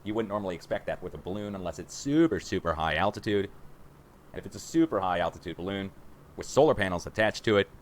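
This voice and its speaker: A man in his forties hosting a rambling livestream from a room at home, excitable and conspiratorial, talking to viewers as guys. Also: low voice, fast, slight background noise. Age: 40s. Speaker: livestream host.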